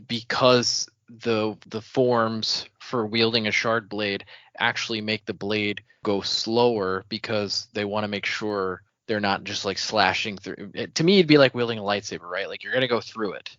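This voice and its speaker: Male podcast co-host, lowish pitch, halting and musing, dry lo-fi recording. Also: steady tone, fairly bright tone, no echo. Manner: thinking aloud, halting restarts. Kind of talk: casual book discussion. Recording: dull dry audio.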